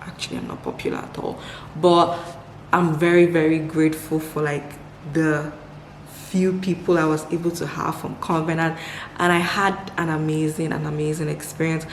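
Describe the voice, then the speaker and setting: A young woman from Nigeria chats to her camera, answering questions in a low, upbeat voice and doubling words for emphasis. The room is echoey, with a faint ambient hum behind her. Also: level tone, normal speed. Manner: upbeat, repeats words for emphasis, laughs often. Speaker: vlogger. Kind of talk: casual Q&A chat to camera.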